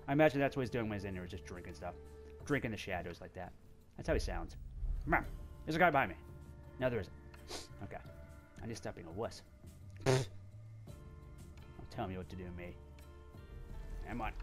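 A man's voice: fairly low pitch, lively intonation, moderate pace, long pauses, soft background music. A man giving playful let's-play commentary, talking to the game and breaking into squeals and laughs. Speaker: gameplay video host.

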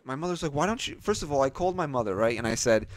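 A man co-hosting a podcast, caught up in his own story as he voices everyone in it with lively changes. His mid-pitched voice is dry and close to the mic, with no room sound at all. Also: racing, no room sound. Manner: retells scenes with lively voiced-up quotes. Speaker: podcast co-host. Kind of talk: casual chat, animated storytelling.

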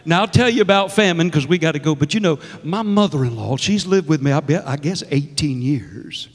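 Preaching as a guest minister, this middle-aged man is exuberant, laughs a lot, and calls out to his congregation. His fairly high voice moves briskly with lively intonation. The sermon echoes through the church sanctuary with a long reverb.

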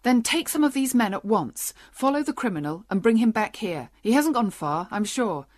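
A woman's voice: on the high side, very animated, normal speed. A woman reading as a stern, commanding hangman. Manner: curt, giving orders.

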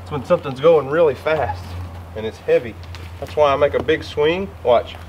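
Gentle Oklahoma homestead dad, higher voice. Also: male voice, normal speed, muffled recording, slight background noise. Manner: gentle, coaxing, teasing. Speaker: homesteading vlog host and father. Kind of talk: casual outdoor vlog chat. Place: outdoors on a rural homestead. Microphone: camera-mounted shotgun mic.

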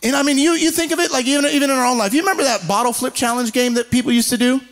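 A man preaching a sermon in an animated way, slowing down to read scripture and acting out quoted people. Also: extremely high pitch, faint music behind. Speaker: pastor.

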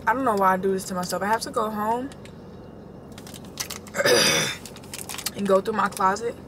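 A woman's voice: mid-range voice, big pitch swings, unhurried, background noise. Sleepy, chatty young woman vlogging. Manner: chatty and casual, addresses viewers as y'all. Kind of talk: casual vlog chat to camera. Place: in a car and around a mall. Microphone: phone camera held or propped.

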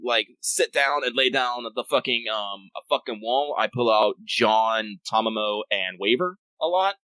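A man's voice: medium pitch, bright, forceful tone, dry recording, rough recording. A man co-hosting a podcast in casual, rambling chat, swearing freely and often cutting himself off mid-sentence. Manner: rambling, profane, self-interrupting. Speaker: podcast co-host.

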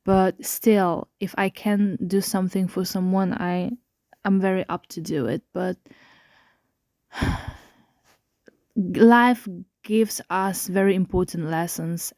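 A woman hosting her own podcast, talking in a casual, heartfelt and confiding way with many hesitant pauses. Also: lowish voice, no echo, clean studio sound. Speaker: podcast host. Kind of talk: casual solo podcast monologue.

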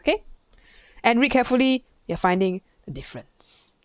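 A woman's voice: a little high, sing-song, normal speed, no echo, clean studio sound. A woman physics tutor, talking through an exam question in a chatty way, thinking aloud and imitating sounds. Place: classroom.

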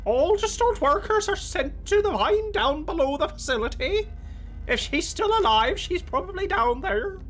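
A man's voice: very high-pitched, animated, normal speed, a bit bright, voice pushed up. A man voicing a blunt, weary woman survivor in a game, with an exaggerated put-on Irish brogue.

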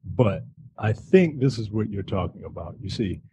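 A man's voice: lowish voice, lively intonation, moderate pace, noisy background. A man co-hosting a podcast, casually recapping movie scenes with slang and fillers. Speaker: podcast co-host. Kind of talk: casual film review chat.

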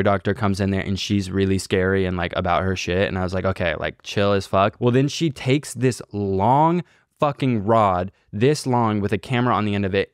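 A man's voice: lowish voice, clean tone, no echo, studio quality. A man casually telling a long, rambling story on a podcast, swearing and using lots of filler words. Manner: rambling, profane, filler-heavy delivery. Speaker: podcast co-host.

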